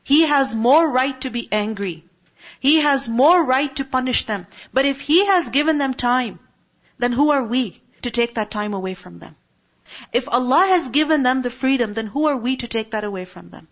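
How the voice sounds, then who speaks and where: A woman in her thirties teaching an Islamic class in a calm, conversational way, often checking in with her listeners. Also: high-pitched, moderate pace. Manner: calm, conversational, many tag questions. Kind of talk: religious class talk. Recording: dull lo-fi recording.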